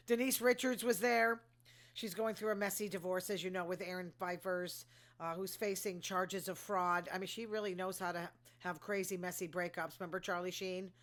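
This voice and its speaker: Bright-voiced chatty woman dishing gossip. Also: mid-range voice. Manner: chatty and opinionated, many fillers and asides. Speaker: host recapping reality TV. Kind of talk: casual gossipy commentary.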